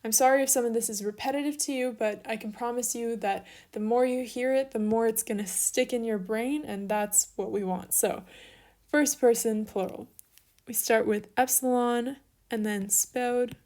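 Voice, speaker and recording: A woman's voice: fairly high pitch, moderate pace. A young woman explains Greek verb forms one step at a time as she writes, with brief apologies along the way. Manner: steady, step-by-step explaining while writing, with small apologies. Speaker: Greek teacher. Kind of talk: online lesson walkthrough.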